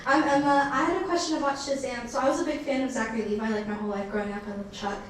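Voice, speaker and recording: A woman's voice: a little high, fairly even intonation, slight background noise. A woman fan asking a casual, chatty question at a convention panel. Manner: quick, chatty, casual fillers. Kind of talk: audience question. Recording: echoey convention hall.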